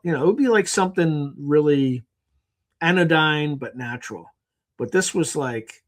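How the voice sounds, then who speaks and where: On the high side and at a moderate pace, a man speaks as a podcast guest in a conversational interview. He's animated in telling anecdotes and acts out what other people said.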